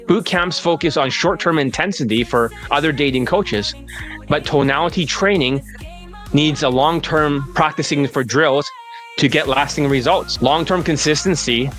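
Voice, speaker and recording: A male dating coach giving an assertive sales pitch as he answers viewer questions, and at times building into a rant. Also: a bit bright.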